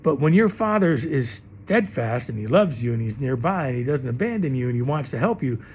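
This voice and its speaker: A man's voice: medium pitch, animated, fairly quick, a little mellow, a little hiss or hum. A middle-aged man teaching in an emphatic, rambling monologue, often repeating himself. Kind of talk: impassioned monologue to camera.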